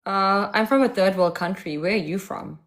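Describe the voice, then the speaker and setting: A woman's voice: medium pitch, moderate pace. A woman from South Africa with a South African accent, hosting a live stream, talking to callers in a sassy, taunting way. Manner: sassy, taunting, switching voices. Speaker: livestream host.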